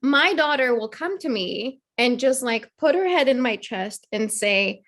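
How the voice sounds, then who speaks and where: A woman's voice: fairly high pitch, animated, measured pace, hardly any pauses, fairly bright tone. A woman in her thirties, a therapist and mother, talking earnestly and reflectively as a guest in a conversational interview. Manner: earnest, reflective, acts out children's voices in quotes.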